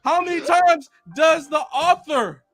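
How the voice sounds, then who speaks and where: A man putting on a preacher's voice for a mock eulogy, swelling loud and dropping soft in sermon cadence. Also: extremely high pitch, measured pace, no room sound, faint music behind, pitched above the performer's own voice. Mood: solemn. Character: adult male preacher delivering a mock eulogy. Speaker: podcast host.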